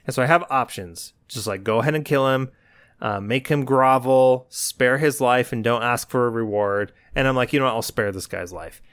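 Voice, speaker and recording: A man co-hosting a podcast, telling an animated story in casual chat and acting out his own lines. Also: medium pitch, moderate pace, clean tone, no room sound. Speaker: podcast co-host.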